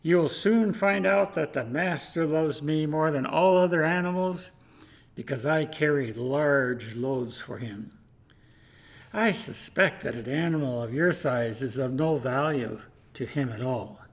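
A man's voice: a little high, unhurried. A man voicing a big, boastful farm horse in a story told during a sermon. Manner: boastful, condescending.

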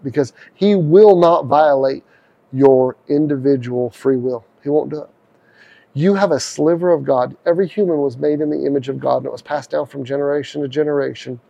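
A man's voice: medium pitch, vocal fry, mellow, rough recording. A middle-aged man hosting a devotional podcast, preaching in an earnest, conversational way. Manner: earnest, conversational, voices prayers aloud. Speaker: podcast host.

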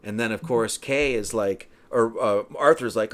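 A man's voice: lowish voice, unhurried. A man giving a casual, rambling film commentary, full of "you know" and "right?".

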